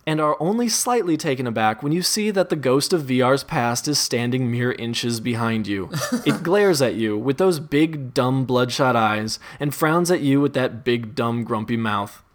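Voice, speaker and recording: A man's voice: medium pitch, moderate pace, few pauses. Wry man narrating a choose-your-path story. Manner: wry, deadpan, often laughing.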